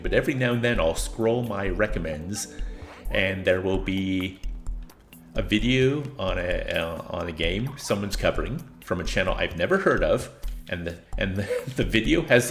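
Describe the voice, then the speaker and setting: Game streamer, male, a bit low, chatty and self-deprecating, loose rambling delivery over faint game music. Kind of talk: casual chat while playing a game.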